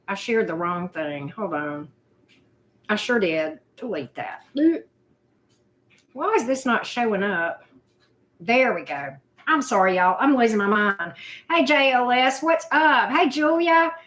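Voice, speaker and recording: A woman's voice: mid-range voice, expressive, a little slow, pauses often, fairly bright tone. A woman, hosting a casual live chat, greeting viewers by name in a loose, self-deprecating way. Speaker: livestream host.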